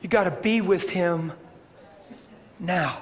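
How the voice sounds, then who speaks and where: Animated high-voiced preacher. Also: male voice, slow. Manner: animated storytelling, swings from loud bursts to hushed tones. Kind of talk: sermon with personal story. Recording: reverberant hall with faint background hiss.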